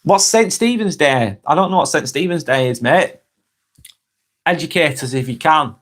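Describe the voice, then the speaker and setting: A Lancashire man with a Northern English accent from Northwest England hosts a laid-back live stream, reading out viewers' comments and chatting back. He often stumbles over his words and lets phrases trail off quietly. His voice sits on the high side, at a moderate pace.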